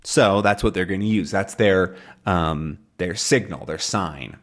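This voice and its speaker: A man teaching English in a relaxed way, explaining words simply and often checking that learners follow him. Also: sits low, a little slow. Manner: animated, checks in often with questions.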